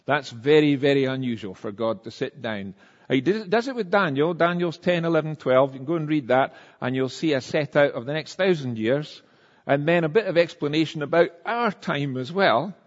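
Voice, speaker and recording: A man delivers a sermon in a chatty, animated way, acting out the voices in the stories he tells. His voice sits a bit high. The sound is dull and lo-fi, with a long church-hall reverb. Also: normal speed. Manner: conversational, animated storytelling with acted-out quotes. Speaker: preacher.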